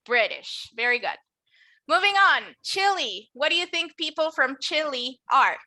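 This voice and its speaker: Bright, high-pitched woman as a bilingual English teacher, slow model words for repetition. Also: animated. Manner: switches between English and Spanish explanations; slow, drawn-out model words for students to repeat. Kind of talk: online class teaching nationalities.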